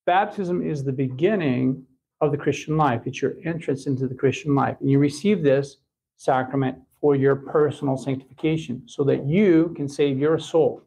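Gravelly-voiced man teaching catechism. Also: medium pitch, mellow, low-quality recording. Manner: halting, many restarts and fillers. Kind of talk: spoken catechism lesson.

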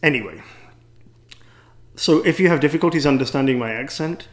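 A man's voice: a little high, fairly quick. A man with an English accent, a priest and teacher, giving a wry, rambling, self-deprecating talk to a gathering. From England.

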